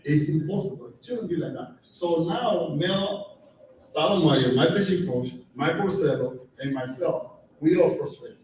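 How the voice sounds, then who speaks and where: A middle-aged man telling lively stories to a live audience, laughing often and acting out dialogue. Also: on the high side, unhurried, a little hiss or hum. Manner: animated, laughing storyteller, acts out dialogue. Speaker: guest speaker at a live fan event. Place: event hall with audience. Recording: very echoey hall, voice far from mic.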